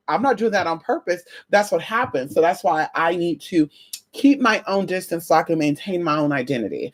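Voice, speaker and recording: A woman chatting casually to camera about spiritual energy. She swears freely and acts out conversations with sudden high jumps in pitch. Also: fairly quick. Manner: animated, profane, acts out quoted exchanges with big pitch jumps. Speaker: spiritual vlogger.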